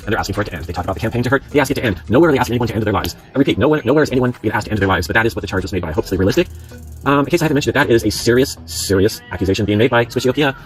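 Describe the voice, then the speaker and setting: Man, rapid talker, lowish voice, rambling sarcastic commentary, reading screenshots, faint music behind. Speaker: channel host.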